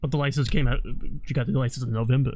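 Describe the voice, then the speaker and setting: A young man co-hosting a let's play, teasing his friend in quick, laid-back asides. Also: medium pitch, steady tone, dark tone. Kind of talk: casual gaming commentary.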